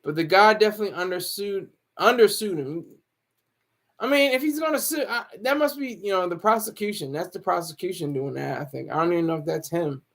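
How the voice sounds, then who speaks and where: A man with a high voice hosts a loose, joking livestream from home. He laughs often and answers viewer comments as they come in. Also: a little fast, gravelly, a bit bright. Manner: joking, laughs often, reads chat aloud. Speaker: livestream host.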